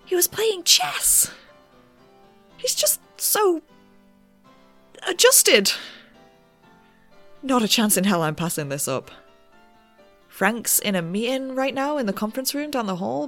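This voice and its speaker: A woman's voice: mid-range voice, big pitch swings, unhurried, pauses often, fairly bright tone, faint music behind. A woman playing a nervous young researcher who bends the rules and narrates in a rambling, self-deprecating way. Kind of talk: audio drama narration.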